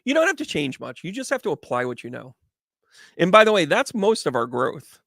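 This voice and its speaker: A man doing casual live tarot readings as a medium, chatty and animated, greeting viewers by name. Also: a little high, a little fast, vocal fry, dry recording, studio quality.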